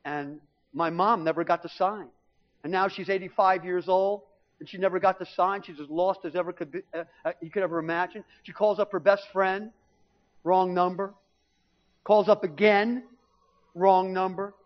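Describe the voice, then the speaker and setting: A middle-aged man preaching, telling a lively personal story from the pulpit and acting out what his family said. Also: high-pitched, normal speed. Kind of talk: sermon testimony storytelling. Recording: dull lo-fi recording.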